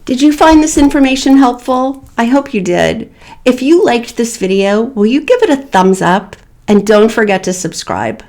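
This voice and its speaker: A woman giving calm, measured advice as a divorce coach in an online video, with deliberate pauses. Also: on the high side.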